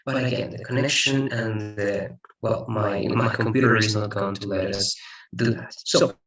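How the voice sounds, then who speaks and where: A man tutoring English over a video call, talking in a rambling way with many restarts and repeats. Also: medium pitch. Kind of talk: online tutoring lesson. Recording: echoey room, far from the mic.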